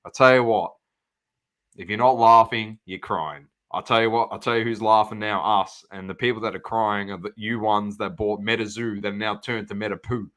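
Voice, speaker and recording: A man's voice: on the low side, moderate pace, fairly bright tone. A man co-hosting a casual podcast, ranting emphatically and repeating his points. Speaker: podcast co-host. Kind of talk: casual chat.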